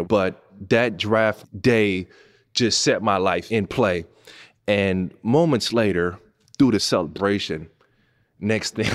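He's a man in his thirties, an ex-NBA player from Pasadena, California, hosting a podcast and recounting something personal to listeners. His delivery is animated, climbing high when he gets excited and dropping quiet when emotion hits.

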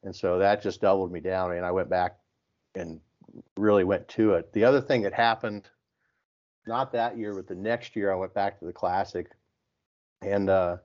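A man's voice: low voice, normal speed, pauses often, highs cut off. A man from the Midwest telling stories in casual chat and acting out what people said. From American Midwest. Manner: animated storyteller, acts out quotes.

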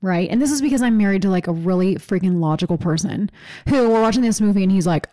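A woman's voice: medium pitch, fast talker. A woman co-hosting a podcast, telling stories in casual chat and laughing often. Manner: chatty, laughing, animated storytelling. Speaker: podcast co-host.

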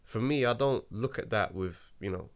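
A man's voice: on the low side, normal speed. A man who works as a stand-up comedian, talking in an emphatic, slangy way in a casual chat.

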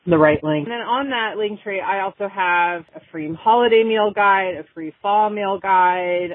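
A woman's voice: mid-range voice, moderate pace, no echo. A woman in her forties, a coach guest on a podcast, chatting casually and telling a story with lots of fillers. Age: 40s. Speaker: guest, women's health coach. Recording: tinny, phone-like remote audio.

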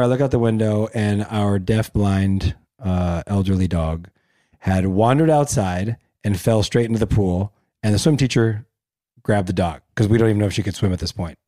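Animated man telling a story, teasing. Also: on the low side, no room sound, studio quality. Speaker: podcast co-host. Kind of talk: casual chat.

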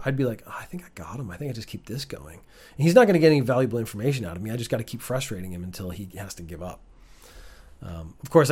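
Man chatting wryly through the news. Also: mid-range voice. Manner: chatty, wry asides, frequent restarts. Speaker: news commentator. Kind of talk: casual news commentary. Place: at home.

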